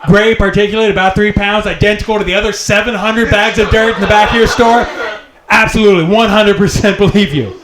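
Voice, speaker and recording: A man doing a stand-up routine on a comedy club stage, with a quick, wry, swearing delivery. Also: high voice, a bit bright. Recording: echoey club room with noise.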